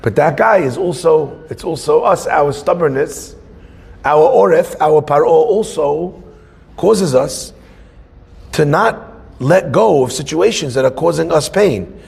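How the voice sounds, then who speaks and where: A man teaching a Torah class as a rabbi, conversational and animated, acting out little scenes. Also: on the high side, a little slow, creaky, husky, in a large hall.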